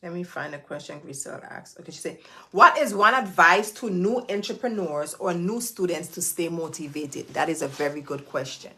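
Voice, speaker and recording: A woman's voice: on the low side, normal speed, pushed and bright. Woman hosting a chatty live Q&A. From Florida. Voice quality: creaky. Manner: chatty and direct, addresses viewers as y'all. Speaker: host of a live stream Q&A. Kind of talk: casual live stream Q&A.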